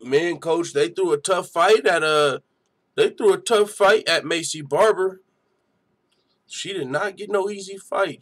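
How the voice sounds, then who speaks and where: A young man hosting a live fight-night stream, giving hyped, slangy reaction commentary and chatting with viewers. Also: mid-range voice.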